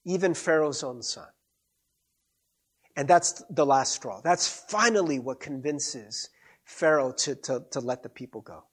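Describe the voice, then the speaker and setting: Man, pastor, sermon, lively storytelling, husky tone. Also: mid-range voice, unhurried. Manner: animated storytelling with many restarts and repeated "right?".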